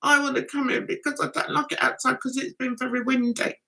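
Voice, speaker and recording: A woman voicing a poorly, frightened little male creature who pleads in a high, tearful voice. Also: flat delivery, brisk, creaky, sharp tone, full character voice. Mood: whiny.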